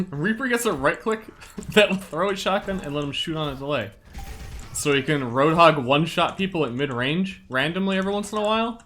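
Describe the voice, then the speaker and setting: Excitable young man streaming a game. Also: fairly high pitch, brisk, a little hiss or hum. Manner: chatty, excitable, laughs often. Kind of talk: casual gameplay commentary.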